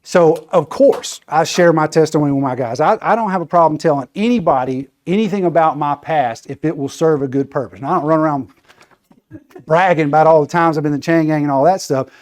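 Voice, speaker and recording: A man's voice: a little high, brisk, a little mellow. A man giving a casual training talk, chatty and conversational, often checking in with "right?". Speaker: training presenter.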